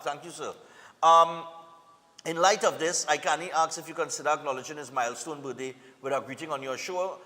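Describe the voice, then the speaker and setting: Animateur trinidadien à la voix claire et aiguë. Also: male voice, fairly high pitch, bright, forceful tone, long reverb tail. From Trinidad and Tobago. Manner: casual, upbeat, reads greetings with local slang. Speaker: morning show host. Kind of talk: live TV greetings segment.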